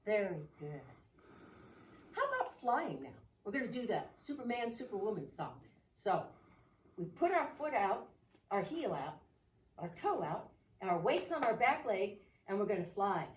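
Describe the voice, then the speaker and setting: A woman's voice: mid-range voice, very animated, normal speed, a little hiss or hum. A woman teaching a children's yoga class, giving playful, coaxing instructions with bits of sing-song. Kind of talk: guided children's movement class. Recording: echoey room, mic at a distance.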